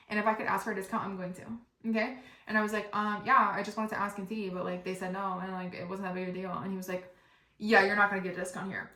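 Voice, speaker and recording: Fast-talking young woman telling stories. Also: medium pitch, roomy sound. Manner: rapid, animated, swearing, acts out others' lines. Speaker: podcast host. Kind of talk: casual storytelling monologue.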